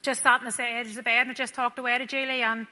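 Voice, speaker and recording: Young woman, nurse, storytelling testimony; bright, slightly high voice, softening in tender moments. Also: flat delivery, quick pace. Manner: earnest, storytelling, drops soft and quiet at tender moments. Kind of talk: personal testimony to a church audience.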